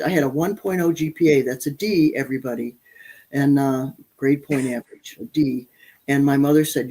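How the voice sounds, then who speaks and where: A woman's voice: low-pitched, normal speed, dark tone, poor audio. A woman from Michigan, a parenting author, speaking candidly as an interview guest, with frequent restarts. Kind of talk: interview conversation.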